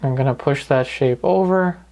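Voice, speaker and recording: A man calmly talking through each step of a painting lesson in an easygoing way. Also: mid-range voice, normal speed. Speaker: painting instructor. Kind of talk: paint-along tutorial narration.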